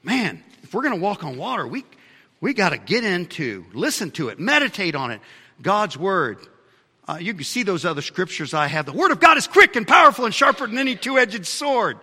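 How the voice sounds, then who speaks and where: Male pastor, fiery sermon delivery with sudden quiet asides, tense bright tone, long reverb. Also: sing-song, a little fast, breathy edge. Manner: fiery preaching, swinging between shouts and low asides.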